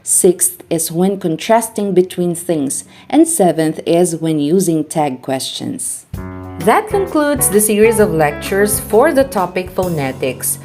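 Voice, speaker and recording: Soft music plays in the background as a woman teacher with a fairly low-pitched voice reads a scripted lecture. She works through terms and example word pairs in a measured, even way.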